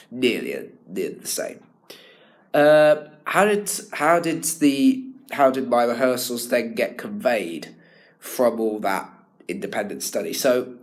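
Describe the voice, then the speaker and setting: Low-voiced young man, rambling. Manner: rambling, full of fillers and restarts. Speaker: drama student. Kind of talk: spoken self-evaluation.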